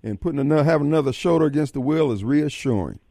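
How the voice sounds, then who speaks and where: A man's voice: fairly high pitch, expressive, fast, mellow, no echo, studio quality. A man hosting a radio talk show, folksy and fiery, taking callers and giving warnings. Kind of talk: talk radio monologue and call-in.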